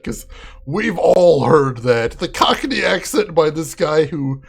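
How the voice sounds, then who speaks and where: A man's voice: high-pitched, gravelly. A man live-streaming a game in a chatty way, laughing often and answering viewers by name. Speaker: game streamer reading chat. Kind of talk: casual live-stream chat.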